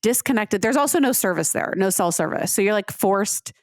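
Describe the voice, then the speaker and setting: A woman co-hosting a chatty podcast, telling stories in a loose, rambling way packed with "like" fillers. Her pitch sits in the middle range for a woman. She is recorded close on a studio mic in a dry, dead room. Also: expressive, brisk, no room sound. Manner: chatty storyteller, many "like" fillers. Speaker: podcast co-host. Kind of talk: casual chat.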